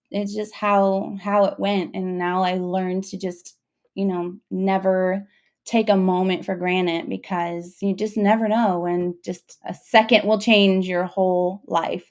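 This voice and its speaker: A young woman recounts a painful family story in a casual, conversational way. Her delivery is emotional and halting, with frequent fillers and restarts, at an average pitch for a woman. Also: level tone, darkish tone. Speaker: mother telling her story.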